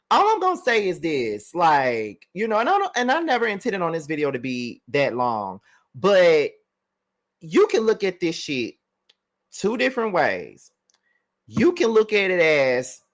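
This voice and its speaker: Animated man reacting in disbelief. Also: on the high side. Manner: incredulous, chatty, laughs in disbelief. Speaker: commentary channel host. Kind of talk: reaction commentary.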